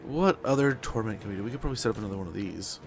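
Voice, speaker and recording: A man's voice: lowish voice, lively intonation, rapid-fire, creaky, soft background music. A young man chatting casually and rambling while playing a strategy game on stream, with lots of fillers. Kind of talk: casual gameplay chat.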